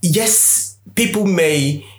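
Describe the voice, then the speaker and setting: Earnest African-accented man, echoey room. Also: high voice. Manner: earnest, quotes scripture, halting restarts. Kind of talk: Christian discussion, casual.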